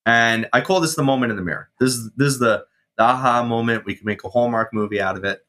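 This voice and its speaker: A man in his thirties, a guest on an interview show, telling his story casually with swearing and animated reenactments of his past self. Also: medium pitch, fast talker. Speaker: guest, mindset coach and firefighter.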